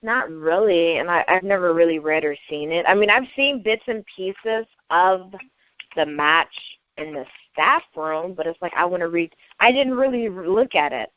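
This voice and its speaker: A woman chatting casually as a podcast co-host, excitable and gushing, laughing often. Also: lowish voice, normal speed, no room sound. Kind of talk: casual chat. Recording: dry lo-fi recording.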